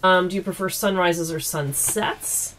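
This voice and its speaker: A woman's voice: on the low side, measured pace, fairly bright tone, a little hiss or hum. A woman from East Coast Canada, chatting casually and giggling as she answers viewer questions at home into a camera mic. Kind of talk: casual Q&A chat.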